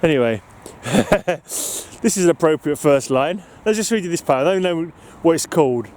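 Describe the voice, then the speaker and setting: A man's voice: on the high side, animated, moderate pace, a little mellow, slight background noise. Breathless, sweary man walking outdoors. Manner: rambling, sweary, chuckling. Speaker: podcast host. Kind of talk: casual walking vlog monologue. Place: outdoors in an urban park.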